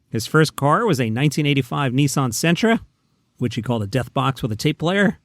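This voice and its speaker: A man from New York City with a clear Queens accent runs through comedy headlines in a casual, wry monologue. His voice sits a little high, and the sound is close and dry. He keeps breaking off for sarcastic digressions. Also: no room sound. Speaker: comedy news host. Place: outdoors by a pool.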